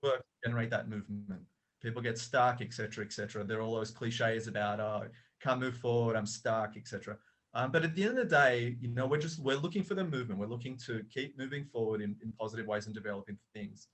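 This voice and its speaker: Man, middle-aged, podcast guest, storytelling, halting, restarts often, mid-pitched voice. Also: fairly bright tone. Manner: halting, with many restarts and fillers. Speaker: coach and author, podcast guest.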